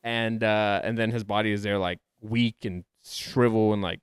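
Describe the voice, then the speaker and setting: A man co-hosting a podcast, chatting casually and getting excited in high bursts. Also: normal speed, clear, resonant tone, no room sound. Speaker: podcast co-host. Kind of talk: casual chat about anime and manga.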